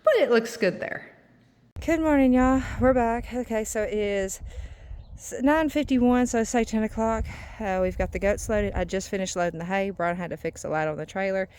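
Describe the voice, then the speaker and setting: A woman's voice: mid-range voice, a little mellow, clean tone. A woman, talking casually in a rambling vlog as a mother. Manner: chatty, rambling, with drawn-out fillers. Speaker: vlogger and mother.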